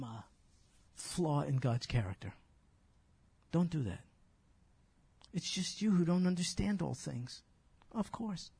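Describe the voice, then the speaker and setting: A man's voice: a little high, darkish tone, breathy edge, no echo. A man preaching a conversational sermon, asking his listeners rhetorical questions and explaining a scripture passage.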